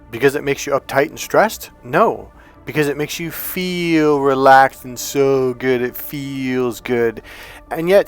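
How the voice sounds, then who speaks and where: A man with a medium-pitched voice coaches other men on dating in a casual monologue. He's blunt and profane, and he mocks people with put-on voices.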